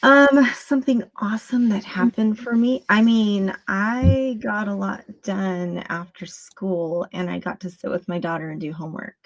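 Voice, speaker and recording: A woman teacher chatting casually as a guest on a livestream, relaxed and unhurried. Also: medium pitch, dry recording, poor audio. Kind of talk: casual chat.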